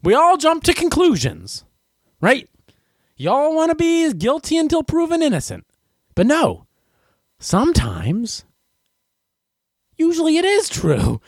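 A man hosts a comedic news commentary, ranting and sarcastic as he works himself up. His pitch swings widely with lively animation. The recording is dry and close, with no room sound. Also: no room sound. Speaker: host of a news commentary show.

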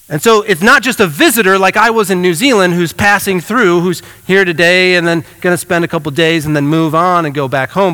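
A man's voice: high-pitched, bright, forceful tone, long reverb tail. A man preaching a sermon as pastor, in a casual, conversational way with many fillers and restarts. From United States.

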